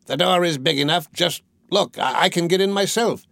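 A cruel, mocking old witch from a storybook, her menace dripping from every word, as a man reads her part. The delivery is sly and gloating, often pushed higher than the reader's own voice. The sound is dry and close. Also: normal speed, gravelly, a bit bright, no room sound. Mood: coaxing.

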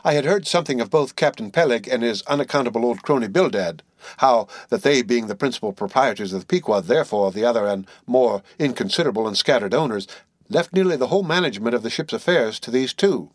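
A man's voice: mid-range voice, expressive, fast, no room sound. Dry, close male audiobook narrator.

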